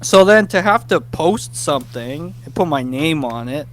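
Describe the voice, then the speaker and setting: A man, a guest writer, telling a casual interview story, animated and self-deprecating about his nerves. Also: on the high side, a little hiss or hum. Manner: animated, acts out his past self in quick bursts.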